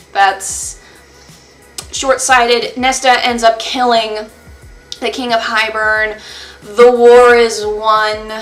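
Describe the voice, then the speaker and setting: A woman with a slightly high voice talks through a book review in a chatty, sarcastic way, full of quick asides. Her voice carries a noticeable echo from the room around her. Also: a bit bright. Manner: chatty and sarcastic, recounts plot with quick asides and mock-dramatic quotes. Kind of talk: casual book review monologue.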